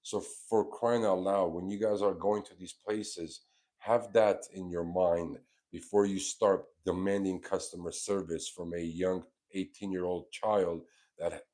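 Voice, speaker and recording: A man with a very low, deep voice tells a story as a casual rant. He is animated and indignant, and he sounds like he is venting to his viewers. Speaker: vlogger.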